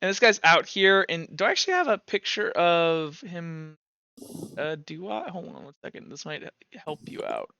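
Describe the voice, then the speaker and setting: A man's voice: fairly high pitch, huge pitch swings, moderate pace, vocal fry, bright, forceful tone, clean tone, no echo, lo-fi sound. A man running a tabletop game, describing the scene in a rambling way full of fillers. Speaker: game master.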